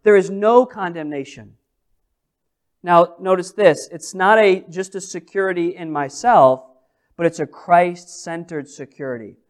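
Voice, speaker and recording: A pastor delivers his sermon at an unhurried, deliberate pace. He stresses key words and repeats lines for weight. He poses rhetorical questions to his listeners. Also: high-pitched. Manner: slow, emphatic preaching with repeated phrases and rhetorical questions.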